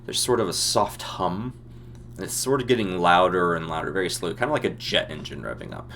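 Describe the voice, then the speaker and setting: Casting: deep-voiced male game master, relaxed narration, faint hum behind. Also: a little fast. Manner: descriptive, relaxed, many ums. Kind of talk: narrating a tabletop role-playing game.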